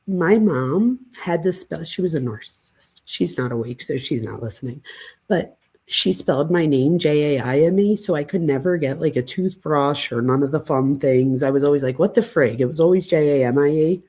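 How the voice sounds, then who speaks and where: A woman hosting a casual late-night livestream chat, gushing and excitable, dramatic by her own account, and often breathless. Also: low-pitched, normal speed, breathy edge. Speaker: channel host.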